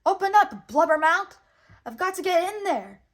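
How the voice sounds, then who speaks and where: Jiminy Cricket, a shrill bossy little cricket, as a woman puts him on. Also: very animated, normal speed. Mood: angry. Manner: high shouted urgency. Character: excitable little male cricket sidekick, bossy.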